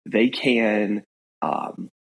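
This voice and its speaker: A man co-hosting a podcast, giving casual practical advice and listing options in a relaxed way. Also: lowish voice, drawn-out words, rough recording. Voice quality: gravelly and husky.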